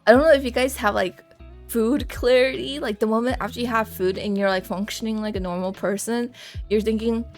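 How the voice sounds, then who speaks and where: Young woman, live streamer, giggly, rambling, self-deprecating, higher voice, faint music behind. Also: fairly even intonation, fairly quick. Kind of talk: casual live-stream chat while drawing.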